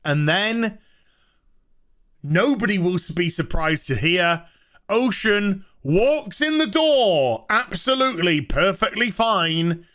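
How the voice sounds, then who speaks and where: A man's voice: high voice, bright, forceful tone. A man giving a sarcastic, swearing recap of a TV episode he dislikes, scornful and casual. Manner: swears freely. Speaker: TV show reviewer.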